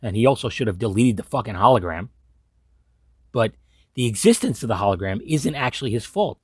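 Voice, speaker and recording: A man's voice: fairly low pitch, animated, a little fast, darkish tone, slightly rough, no room sound, studio quality. A man giving casual, sarcastic episode commentary, swearing often and sounding incredulous. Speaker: commentary host.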